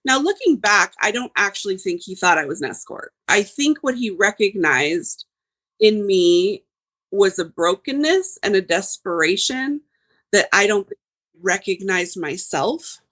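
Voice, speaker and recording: A woman's voice: medium pitch, lively intonation, a little slow, fairly bright tone, poor audio. Chatty woman telling her story. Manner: casual, many "like" fillers. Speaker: guest. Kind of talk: personal testimony.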